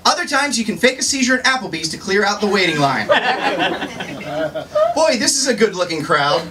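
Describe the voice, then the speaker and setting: A man's voice: high-pitched, sing-song, fairly quick, very noisy. A man playing a grown-up Tiny Tim as a brash, self-promoting stand-up comic who tells hammy, corny punchlines. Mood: boastful. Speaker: stand-up comedian. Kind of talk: live character stand-up. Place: bookstore, indoors. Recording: far-off live room with loud crowd.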